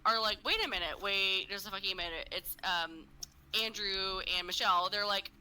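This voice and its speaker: A woman's voice: mid-range voice, normal speed, sharp tone, clear, resonant tone, rough recording. A woman co-hosting a casual podcast, telling a story full of fillers and swearing and acting out what people said. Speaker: podcast co-host. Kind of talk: casual true-crime podcast chat.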